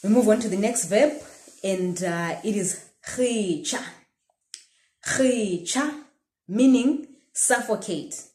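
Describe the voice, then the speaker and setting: Slow-talking woman teaching a language. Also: medium pitch, darkish tone. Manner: patient, models sounds and has learners repeat. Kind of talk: slow language lesson with repetition drills. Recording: roomy echo.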